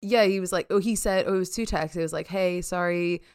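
Young female podcast co-host, chatty and giggly, low clear voice. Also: steady tone, a little fast, darkish tone, dry recording, studio quality. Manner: giggly, chatty, many fillers. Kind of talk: casual chat.

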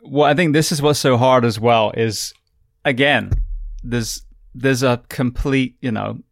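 A man hosting a podcast, speaking in a measured, reflective way, building a point in long runs. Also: mid-range voice, gravelly, dry recording, clean studio sound. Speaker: podcast host. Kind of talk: podcast conversation.

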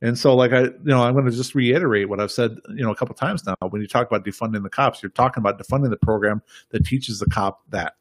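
A man's voice: mid-range voice, fast talker, few pauses, no room sound, clean studio sound. A man talking politics in a casual podcast chat, rambling and emphatic, often repeating himself. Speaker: podcast guest.

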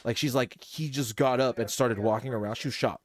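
A young man on a casual podcast, telling a long story among friends in an animated, rambling way and acting out what people said. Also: mid-range voice, brisk. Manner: rambling, animated, acts out quotes. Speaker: podcast co-host.

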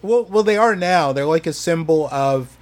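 A man with a slightly higher voice walks through history in a casual podcast chat. He hesitates often, fills pauses with ums and restarts his sentences. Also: lively intonation. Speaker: history presenter.

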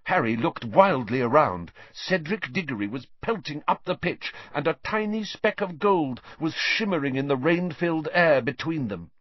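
A man's voice: on the high side, lively intonation, moderate pace, hardly any pauses, no room sound. A man narrating a storybook audiobook dramatically, shifting his pace with the action. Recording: dull dry lo-fi sound.

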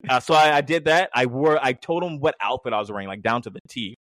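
A man's voice: mid-range voice, quick pace, no room sound. A young man in casual podcast chat, telling stories with lots of swearing and energy. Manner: profane, animated storytelling.

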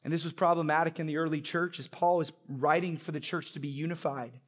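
A man's voice: a little high, fairly even intonation, quick pace, fairly bright tone. A young adult man preaching a sermon, telling stories with humor and emphatic repetition. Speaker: pastor.

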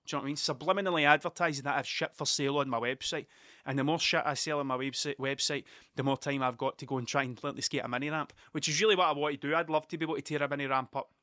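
A man's voice: on the high side, steady tone, very fast, bright, forceful tone, dry recording, studio quality. A Scottish man in his thirties, telling stories in a casual, rambling way, often swearing and interrupting himself. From Scotland. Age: 30s. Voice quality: sweary, digressive, self-interrupting. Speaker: vlogger.

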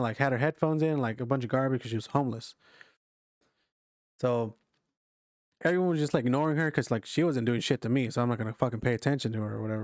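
Young guy, casual chat, loose profane storytelling, dry room, mid pitch. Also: darkish tone, no echo. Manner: rambling, profane, filler-heavy storytelling. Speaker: storyteller among friends.

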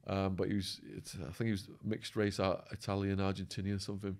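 Low-voiced man telling prison stories. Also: a little fast. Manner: animated storyteller acting out quotes with swearing. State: voice going hoarse. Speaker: podcast guest. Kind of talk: storytelling in an interview.

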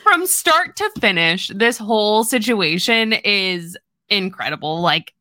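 A woman co-hosting a book podcast in a relaxed, casual chat. Her voice is bright and forward, recorded close and dry. She retells scenes eagerly, filling them with "like" and little acted-out lines. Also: medium pitch, unhurried, dry recording. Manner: animated retelling of scenes, lots of "like".

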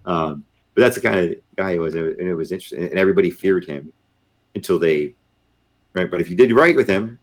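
Speaking fairly quickly with a low pitch, a middle-aged man who used to be a Marine officer shares a story on a podcast. The interview is casual, and he voices the people in his tale himself.

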